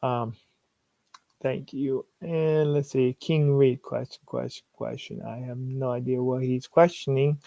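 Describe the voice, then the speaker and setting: A man's voice: mid-range voice, fairly even intonation, unhurried, vocal fry, warm tone, no room sound. A man hosting a casual sports livestream, reading viewer comments aloud, laughing often and restarting his phrases. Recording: dull lo-fi sound.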